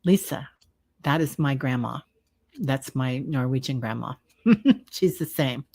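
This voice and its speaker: A middle-aged woman doing a tarot reading livestream, talking casually and warmly with viewers, rambling, with lots of fillers. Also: a bass voice, lively intonation, gravelly. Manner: slow, chatty, rambling with many fillers. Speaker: tarot reader and medium.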